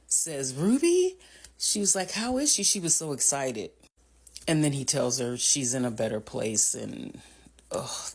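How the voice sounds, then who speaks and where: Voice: mid-range voice, husky. A casual vlogger walks through a TV episode scene by scene, stopping for fillers and self-corrections. The voice sits in a middle register, and the speaker reacts openly to the scenes as they retell them. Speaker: TV recap vlogger.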